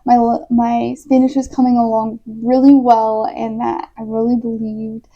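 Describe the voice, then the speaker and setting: A woman's voice: on the high side, flat delivery, measured pace. A young woman from the United States, a missionary, telling a story in a casual vlog. She is chatty, uses lots of "like" fillers and laughs easily. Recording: dull lo-fi recording.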